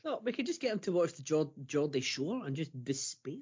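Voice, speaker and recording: A man co-hosting a podcast in casual chat, excitable and mocking, swearing freely. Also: on the high side, fairly quick, a little hiss or hum. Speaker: podcast co-host. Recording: husky lo-fi podcast audio.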